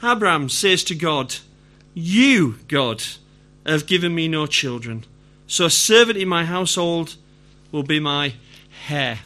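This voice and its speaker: A middle-aged Yorkshire man preaching a sermon to a congregation. His voice sits high and sounds bright and forceful. He talks in a chatty way and often asks his listeners questions. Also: lively intonation, unhurried. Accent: Yorkshire English. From Yorkshire, England.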